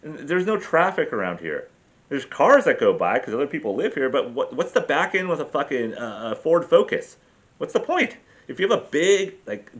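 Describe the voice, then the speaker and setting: Rambling, profane man telling camping stories. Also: a little high. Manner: profane, rambling, self-deprecating storyteller. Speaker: vlogger. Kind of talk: rambling casual travel vlog.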